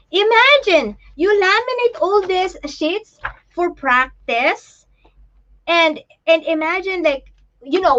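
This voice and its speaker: A woman hosting a casual live chat, talking in a halting, emotional way with many restarts while she shows things to the camera. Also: on the high side, fairly bright tone, highs cut off. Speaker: livestream host and parent.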